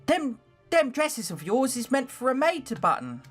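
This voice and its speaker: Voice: high voice, big pitch swings, moderate pace, fairly bright tone, husky, faint music behind, pitched above the performer's own voice, full character voice. A streamer doing a chirpy London scullery maid. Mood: reassuring. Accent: London working-class. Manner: doting, reassuring. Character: young female scullery maid, eager and loyal. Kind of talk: reading a visual novel aloud.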